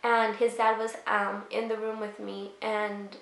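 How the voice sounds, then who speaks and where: A woman's voice: medium pitch, flat delivery, unhurried, creaky, a bit bright, echoey room. A young woman vlogger telling a personal story in a casual, rambling way, full of fillers. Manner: rambling, many fillers, emotional retelling.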